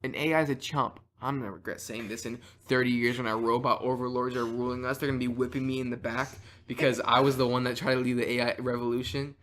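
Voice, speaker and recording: A man's voice: medium pitch, little pitch movement, fast talker, few pauses, fairly bright tone, slight background noise. A teenage boy hosting a casual podcast chat, playful and argumentative, rambling through hypotheticals. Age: teens. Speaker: podcast host.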